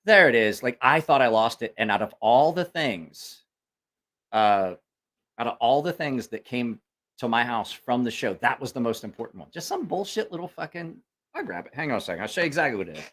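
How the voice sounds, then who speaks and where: Speaking at a brisk clip in a mid-range voice, this livestream host is highly animated as he tells a meandering, foul-mouthed tale full of quoted voices. He's a grown man with a child of school age.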